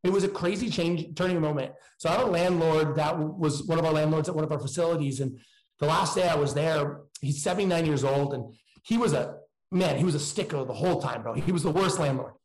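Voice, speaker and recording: A man's voice: on the high side, a little fast, reverberant, rough recording. A man speaking candidly in a casual, slangy way, with frequent restarts. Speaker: guest entrepreneur.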